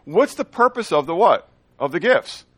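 Male pastor, sermon delivery, higher voice, dry close sound; quizzes the congregation and answers his own questions. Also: moderate pace, husky, dry recording. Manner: animated, asks the congregation questions and answers them; playful asides in made-up words.

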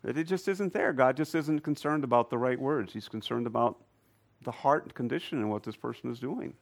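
A man teaching a Bible class to a live audience, animated and often putting questions to the listeners. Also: medium pitch, a little fast, gravelly. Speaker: church teacher.

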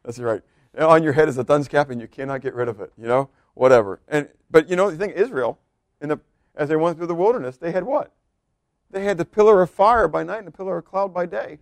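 A man's voice: a little high, fast, gravelly, dry recording, clean studio sound. A man preaching a sermon in a loose, conversational way, asking the congregation questions and laughing now and then. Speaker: pastor.

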